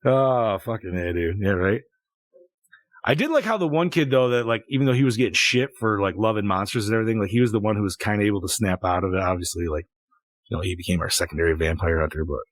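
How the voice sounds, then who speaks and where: Profane dad hosting a podcast. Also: male voice, fairly low pitch, quick pace, no echo. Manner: profane, animated storytelling. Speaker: podcast host. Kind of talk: casual podcast chat.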